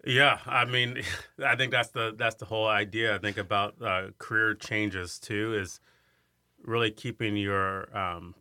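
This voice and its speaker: A man in his fifties from Iowa, a singer telling stories about his career in an interview, animated and acting out the voices of others. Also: fairly low pitch, unhurried, clean tone, dry recording, clean studio sound. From Iowa, USA. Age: 50s. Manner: animated storyteller who acts out quoted voices. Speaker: guest, singer and arts center director. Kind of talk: storytelling in an interview.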